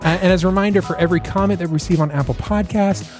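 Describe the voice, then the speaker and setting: Playful, animated male podcast co-host. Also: sits high, very fast, over music. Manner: animated, playful, jokey asides. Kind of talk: casual chat.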